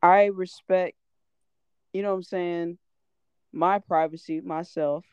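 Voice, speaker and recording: A woman's voice: lowish voice, fairly even intonation, slow pace, clear, resonant tone, no echo, highs cut off. A woman co-hosting a casual chat, laid-back and plain-spoken.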